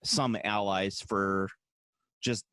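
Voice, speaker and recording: A man's voice: fairly low pitch, fairly even intonation, extremely slow, a bit bright, clean tone, no room sound. An American man co-hosting a podcast, a little drunk, rambling in casual chat with many restarts and laughs. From United States. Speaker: podcast co-host.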